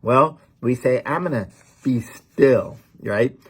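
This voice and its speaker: A man's voice: medium pitch, slow pace, breathy edge. A middle-aged man preaching a sermon as a pastor, talking in a folksy, conversational way with lots of "man" and "you know.".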